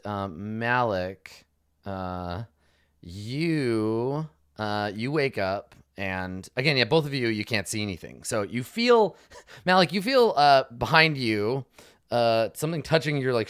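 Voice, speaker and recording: A man's voice: medium pitch, fairly bright tone, smooth, no echo, studio quality. A man narrating as dungeon master in a rambling way, full of ums and likes, on a stream call from home. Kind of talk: narrating a tabletop game.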